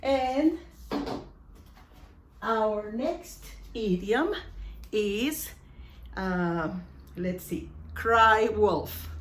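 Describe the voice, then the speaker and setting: A woman teaching an English lesson, repeating example phrases slowly for emphasis. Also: medium pitch, lively intonation, a little mellow, a little hiss or hum.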